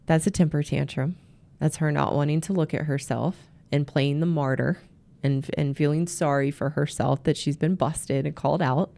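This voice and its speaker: Give me a woman with a very low voice, earnestly coaching in an advice talk. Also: fairly even intonation, normal speed, gravelly, warm tone. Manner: earnest, repeats words when restarting. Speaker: marriage coach and host.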